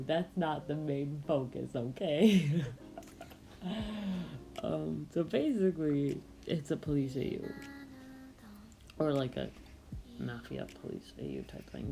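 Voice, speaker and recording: In a deep, gravelly, warm voice, a woman artist gives a rambling voice-over of her drawing process, full of hesitations and self-corrections. The recording quality is low.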